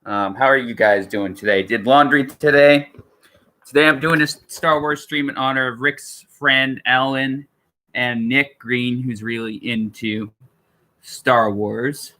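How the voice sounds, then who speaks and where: A man's voice: medium pitch, steady tone, measured pace, pushed and bright. A man talking casually on a live stream, rambling with many fillers and restarts.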